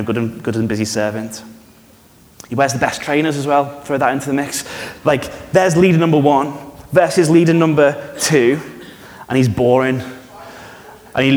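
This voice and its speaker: A man preaching a sermon in a church, conversational and animated, often asking the congregation questions. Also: on the high side. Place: church hall. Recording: reverberant church hall.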